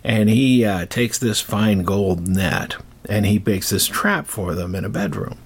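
An older man retells an old myth in a loose, chatty storytelling style, drifting off into tangents and asides. His voice is husky with a lively rise and fall. He sounds animated and talkative. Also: fairly low pitch, a little slow. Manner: rambling, digressive, animated. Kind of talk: casual storytelling.

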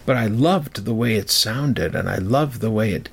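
Gravelly, low-voiced man telling a story. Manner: rambling, halting, with many fillers. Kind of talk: personal storytelling.

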